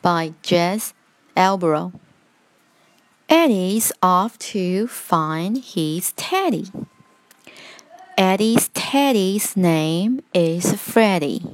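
A woman reading a children's picture book aloud as storyteller, with slow, deliberate delivery. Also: fairly low pitch, dry recording.

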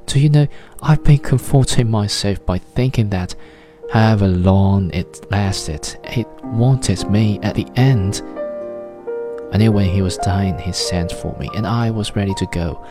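A man voicing a bitter, vindictive betrayed wife who speaks quickly with little gasps and a trembling voice. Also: lowish voice, music in the background, close to an everyday voice.

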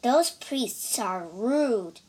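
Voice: mid-range voice, animated, extremely slow, a little mellow, slightly rough, exaggerated voice. A storyteller voicing a mischievous male monkey king in a storybook reading. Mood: indignant.

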